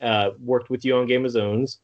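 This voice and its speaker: A man's voice: medium pitch, normal speed, lo-fi sound. A man hosting a podcast, steering the chat with casual questions. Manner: lively, guiding questions. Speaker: podcast host. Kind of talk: casual interview.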